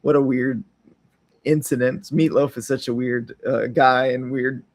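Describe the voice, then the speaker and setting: Unhurried and fairly even in intonation, a podcast host with a mid-range voice talks off the cuff in a wandering style. He frequently tags his lines with "right?" and slips into quick impressions of small quotations.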